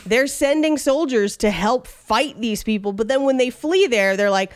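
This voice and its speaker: A woman's voice: a little high, normal speed, no echo. A woman co-hosting a podcast, chatting casually with swearing and reading an ad. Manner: lively, irreverent, swears freely. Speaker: podcast co-host. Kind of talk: casual chat and read ad.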